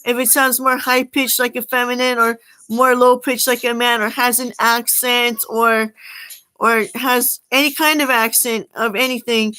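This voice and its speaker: Bright, tense-voiced woman rambling on. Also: on the high side, clear, resonant tone, rough recording. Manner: rambling, halting, with many fillers and restarts. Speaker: channel host. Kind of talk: unscripted spoken monologue.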